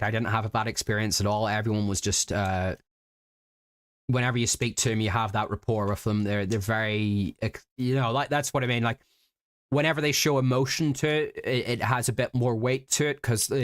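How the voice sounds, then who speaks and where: A man from Britain chats on a stream in a low, smooth voice. He rambles along with plenty of fillers and false starts. The recording is close and dry. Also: little pitch movement, dry recording. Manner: rambling, halting, full of fillers and restarts. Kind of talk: casual storytelling chat.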